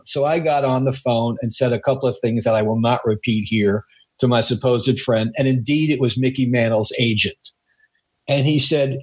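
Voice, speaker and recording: Older male co-host from New York City; an animated storyteller with a middle-range voice who leans on dramatic pauses. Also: mid-range voice. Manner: animated anecdote teller, slows down for emphasis. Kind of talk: casual chat, storytelling.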